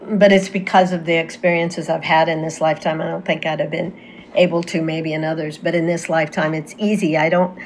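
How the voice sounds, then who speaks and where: A woman guest medium with a low, fairly monotone voice tells a personal story in casual conversation. She speaks earnestly but haltingly, with fillers and restarts, and the audio has a slight hiss or hum.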